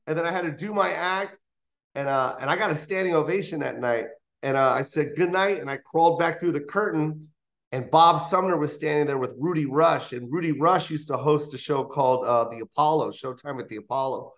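A man in his fifties, a stand-up comic, talks through his stories in a slightly high voice. He jumps into lively impressions of the people in each anecdote, and his pitch keeps rising and falling. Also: fairly quick. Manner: animated, acts out voices in anecdotes. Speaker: comedian guest. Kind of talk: interview storytelling. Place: interview studio.

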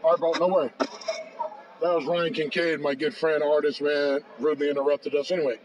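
A man in his fifties, a podcast guest, telling a long anecdote with lively acted-out dialogue and frequent "bro.". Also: on the high side, moderate pace, a crowd in the background. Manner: lively storyteller acting out both sides of phone calls, says "bro" often. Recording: distant, dull and noisy.

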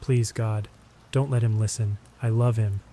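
A man's voice: fairly low pitch, steady tone, unhurried, warm tone, slight background noise. A man voicing a stern elderly grandfather who pleads in a choked whisper. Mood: desperate pleading. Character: stern old grandfather, pleading through tears.

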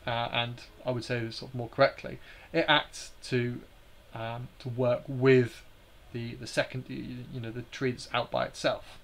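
A man's voice: medium pitch, flat delivery, unhurried, gravelly, hardly any pauses, fairly bright tone. A man hosting a live stream, explaining slides in a hesitant way with many fillers and restarts.

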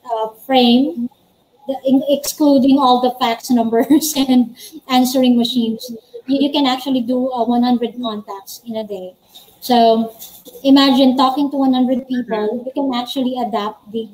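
Higher-pitched woman explaining. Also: darkish tone, poor audio. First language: Filipino. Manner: practical, explaining step by step. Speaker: guest, former call center agent. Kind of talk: interview answers on a live stream.

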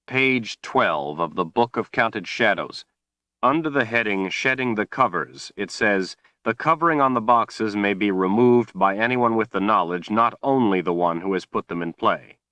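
A man's voice: on the low side, expressive, moderate pace, pushed and bright, no echo, pitched above the performer's own voice. A man voicing a defiant young male hero in an audiobook, speaking bluntly and stubbornly. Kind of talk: audiobook character voice.

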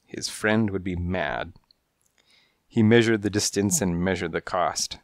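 A man narrating a first-person noir detective storybook in a hardboiled, measured storytelling manner, on a close mic. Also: low voice, dry recording. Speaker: audiobook narrator.

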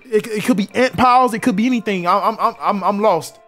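A man's voice: sits high, fairly quick, soft background music. A young man from South Carolina, giving joking, casual commentary on a game and talking to his chat. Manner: animated, joking, talks to chat. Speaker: streamer.

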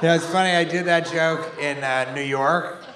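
Sarcastic comedian guy in his 40s, rambly, kinda high voice, echoey club w a loud laughing crowd. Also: fairly even intonation, moderate pace. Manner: rambling, sarcastic, bursts into shouted put-on voices. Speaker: stand-up comedian. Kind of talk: stand-up comedy set. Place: comedy club stage before a laughing audience. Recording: roomy live club sound with crowd.

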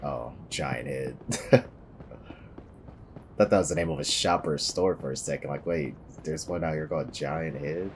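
A man's voice: a bass voice, normal speed, pauses often, slight background noise. A man giving casual, wry running commentary while playing a police video game. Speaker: gameplay commentator.

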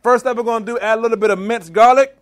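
Rapid-fire and very high-voiced, with fairly even intonation, a man with a Maryland accent from the DC and Maryland area gives a live cooking demo in a church hall. He keeps it playful, quizzing his audience through call and response.

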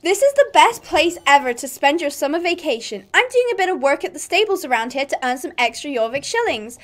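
A chirpy young stable girl with a put-on American accent, voiced by a woman reading game lines aloud. Her voice sits high and lively. She greets newcomers in a friendly, upbeat way. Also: fairly quick. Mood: cheerful.

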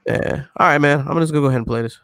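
A man's voice: on the high side, rapid-fire, fairly bright tone, clean tone, no room sound, clean studio sound. A man hosting a casual podcast chat, talking bluntly and with plenty of profanity. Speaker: show host.

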